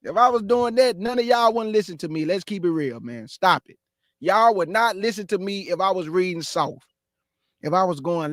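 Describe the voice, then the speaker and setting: A man with a Houston, Texas accent hosting a religious talk show, speaking with forceful passion and aggression. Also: high voice, normal speed, no echo, clean studio sound. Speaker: show host.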